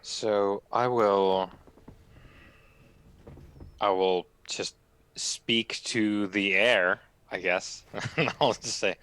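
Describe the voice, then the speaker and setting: A man's voice: fairly low pitch, steady tone, very slow, pauses often, a bit bright, smooth. A man playing a tabletop game, talking hesitantly and chuckling as he plans moves. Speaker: player. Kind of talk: casual tabletop play.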